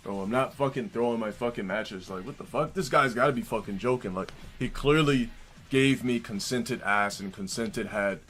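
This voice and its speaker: A man voicing a shocked, indignant young man who curses and talks fast when flustered. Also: mid-range voice, fairly bright tone, soft background music, pitched below the performer's own voice, close to an everyday voice. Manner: rapid, flustered and cursing.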